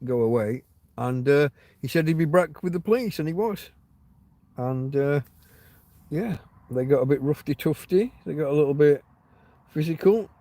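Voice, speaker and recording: A man's voice: a little high, lively intonation, normal speed, pauses often, mellow, no echo. A man hosting a casual livestream chat, telling rambling, wry stories with plenty of swearing, recorded outdoors. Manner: rambling, profane, wry storytelling. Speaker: livestream host. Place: outdoors on private land.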